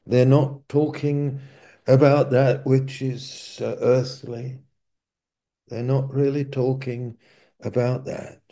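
A man preaching a sermon, speaking slowly and emphatically and repeating key phrases for weight. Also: medium pitch, dark tone.

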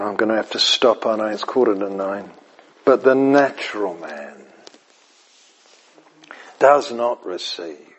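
Here a man with a low-leaning, breathy voice preaches an evening sermon. His delivery is lively: he hammers phrases through repetition, then drops almost to a whisper, and he laughs softly while checking that listeners follow him.

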